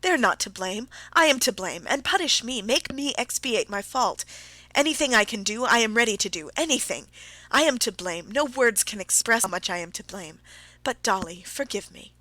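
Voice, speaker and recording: A woman's voice: medium pitch, expressive, unhurried, sharp tone, no room sound, full character voice, rough recording. A woman reading an audiobook, voicing a guilty nobleman who begs his wife for forgiveness, strained and close to tears. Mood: sobbing. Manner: pleading, raised and strained. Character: guilty pleading nobleman, tearful husband.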